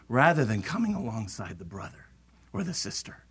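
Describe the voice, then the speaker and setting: Animated preacher man, bright voice. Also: lowish voice, a little fast, husky. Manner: animated, acts out voices of churchgoers. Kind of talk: sermon.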